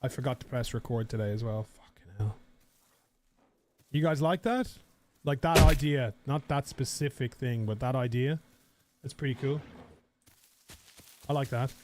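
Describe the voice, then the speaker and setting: A man's voice: medium pitch, moderate pace, long pauses, background noise. A man streaming a game live, chatting casually with viewers, rambling and swearing.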